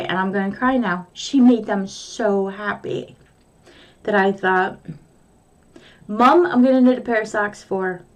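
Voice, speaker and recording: An older woman with grown children and a grandson, telling a rambling story to her viewers in casual, chatty vlog talk. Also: mid-range voice. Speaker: vlogger.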